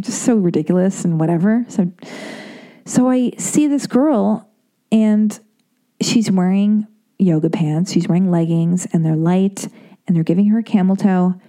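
At normal speed and medium pitch, a woman in her thirties rambles through a casual monologue. As she gets worked up, she stutters and restarts, interrupting herself with animated energy. Other people's words get acted-out voices.

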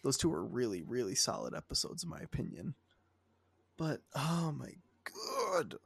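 A man's voice: medium pitch, big pitch swings, normal speed, vocal fry, husky, no echo. A young man co-hosting a casual podcast, talking in a heated, exasperated rant. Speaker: podcast co-host.

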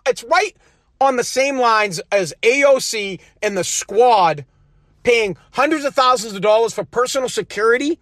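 A man's voice: very high voice, a bit bright, no room sound, studio quality. A man giving a heated, profane political rant, mocking the people he talks about. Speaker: political commentary host.

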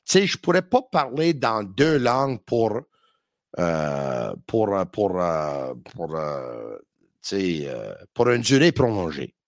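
Man, call-in sports host, lively up-and-down delivery, dry studio sound. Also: low voice, a little slow, no room sound. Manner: animated, switches between English and French, rants playfully. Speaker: radio podcast host. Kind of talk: live call-in sports talk.

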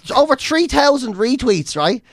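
A man's voice: very high voice, moderate pace, no echo, clean studio sound. A man with an Irish accent hosting a casual chat, telling stories bluntly and with lots of swearing. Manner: profane, blunt, animated storytelling.

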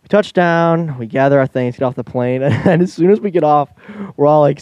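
A man's voice: a little high, fairly quick, hardly any pauses, darkish tone, clear, resonant tone, no echo, lo-fi sound. A man casually telling a long travel story on a podcast, laughing as he goes and acting out the voices of the people in it.

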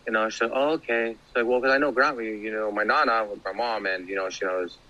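A man's voice: steady tone, fast talker, pushed and bright, muffled recording. Profane, rambling man telling a story. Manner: rambling, profane, many fillers and restarts; acts out quoted voices with big pitch jumps. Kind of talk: casual personal storytelling.

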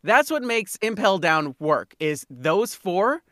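A woman co-hosts a podcast in a casual chat, speaking emphatically and repeating herself to hammer her points home. Her mid-range voice swings widely in pitch and has a fairly bright tone, and she takes her time. The studio recording is clean, with no room sound.

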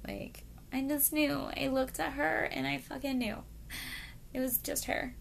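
A woman voicing a woman in love, speaking a soft, quiet declaration. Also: high-pitched, fairly even intonation, a little slow, vocal fry, a little hiss or hum, voice pushed up, full character voice. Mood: smitten.

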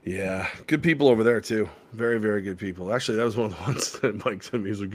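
A man's voice: on the low side, fast, few pauses. Man chatting loosely on a sports radio show. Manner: animated storyteller, swings loud and quiet, swears casually. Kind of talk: casual sports talk with live ad reads.

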